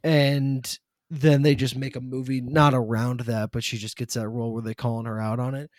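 A man's voice: mid-range voice, level tone, normal speed, no room sound, clean studio sound. A man talking casually about a movie as a podcast co-host, enthusiastic and rambling, with lots of fillers.

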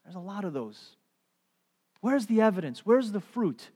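A middle-aged man preaching a sermon as a pastor, telling stories in an animated way and putting on playful voices. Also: high-pitched, normal speed. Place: church sanctuary. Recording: long hall reverb.

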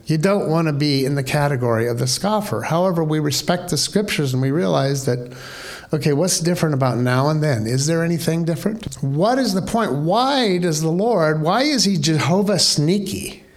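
A man's voice: fairly high pitch, lively intonation, normal speed. Male pastor asking rhetorical questions. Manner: conversational, rhetorical questions, wry. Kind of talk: sermon.

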